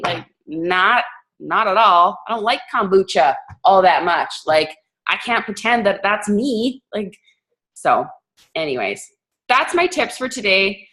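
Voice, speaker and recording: A young woman from Canada hosting a team coaching call, talking fast and casually with lots of fillers and a sarcastic edge. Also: medium pitch, animated, fairly bright tone.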